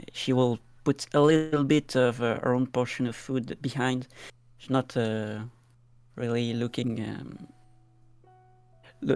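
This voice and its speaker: Tabletop player, hesitant, fillers, mid pitch. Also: darkish tone, no room sound. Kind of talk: tabletop game play.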